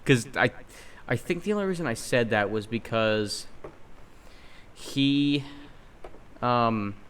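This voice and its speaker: A young man co-hosting a podcast, telling a story in casual chat, animated and swearing, acting out quotes loudly. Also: mid-range voice, slow, a little hiss or hum. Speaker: podcast co-host.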